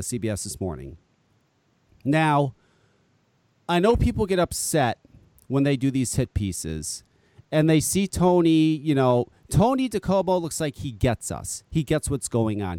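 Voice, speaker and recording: A man's voice: medium pitch, dry recording. A man hosting a live call-in show, talking casually and rambling, with frequent swearing. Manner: animated, rambling, swears freely. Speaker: podcast host. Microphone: headset.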